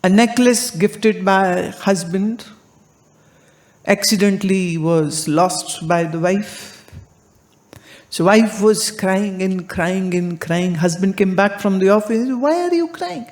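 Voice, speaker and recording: A woman giving a spiritual discourse, deliberate and full of anecdotes and rhetorical questions. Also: medium pitch, fairly even intonation, darkish tone. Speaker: spiritual teacher.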